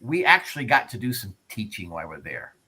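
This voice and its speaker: A man with a Texan accent hosting a podcast interview, energetic and chatty, calling his co-host partner. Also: fairly low pitch, husky, rough recording. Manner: energetic, drawn-out repeats, calls co-host partner. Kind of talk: casual interview chat.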